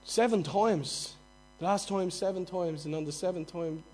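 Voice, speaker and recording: A man with a Dublin accent preaching a sermon, moving from quiet, conversational asides to loud, mocking outbursts. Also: sits high, normal speed, slight background noise, low-quality recording. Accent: Dublin Irish. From Dublin, Ireland.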